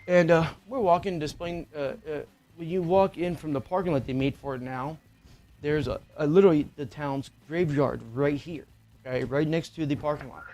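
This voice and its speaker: A middle-aged man tells a personal ghost story in a loose, rambling way. His voice sits a bit high for a man, and he swears freely and fills the gaps with ums and you-knows. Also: steady tone, normal speed, darkish tone. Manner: rambling, profane, with filler words. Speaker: podcast co-host. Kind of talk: casual storytelling chat.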